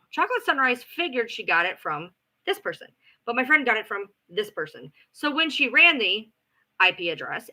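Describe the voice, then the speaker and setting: Animated, sarcastic middle-aged woman. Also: a little high. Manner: animated, profane, sarcastic gossip with acted-out quotes. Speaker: livestream host. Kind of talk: casual storytelling on a livestream.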